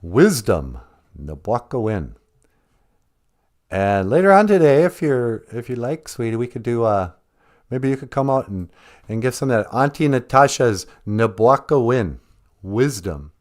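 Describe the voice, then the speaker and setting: A man's voice: mid-range voice, sing-song, a little mellow. A man hosting a playful podcast, rambling and joking as he tells stories to kids. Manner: rambling, jokey, drawn-out storytelling. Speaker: podcast host and cartoonist. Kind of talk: playful casual podcast chat.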